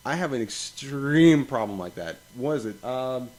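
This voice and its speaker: A young man hosting a casual podcast, rambling and swearing as he tells animated stories. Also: mid-range voice, moderate pace. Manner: profane, rambling, animated storytelling. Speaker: podcast host.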